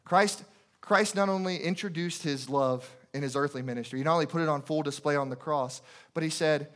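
A man's voice: fairly high pitch, fairly quick, fairly bright tone. A man preaching a sermon as a guest preacher in a church, impassioned and repetitive, firing off rhetorical questions.

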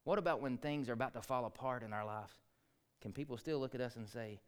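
A man's voice: quick pace, clear, resonant tone. Impassioned preacher man. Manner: impassioned preaching, rising to near shouts and dropping low. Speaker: pastor. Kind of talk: sermon.

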